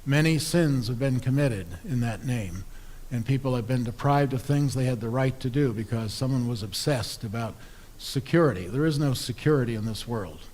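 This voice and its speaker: A man's voice: mid-range voice, normal speed, darkish tone. A man, an Episcopal priest, preaching a sermon in a conversational, wry storytelling way.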